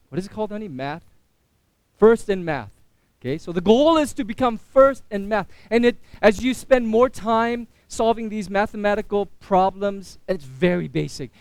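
A pastor in his thirties preaches in a high, light voice, chatting with the congregation and poking fun at himself. The sound is close and dry, with little room around it. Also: dry recording. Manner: conversational preaching with self-mocking humor. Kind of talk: sermon.

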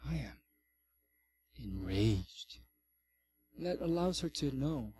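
A middle-aged male pastor giving a sermon, swinging from loud, emphatic passages to soft, quiet ones. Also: medium pitch, takes it slowly, long pauses, background noise. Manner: animated, varies loudness widely.

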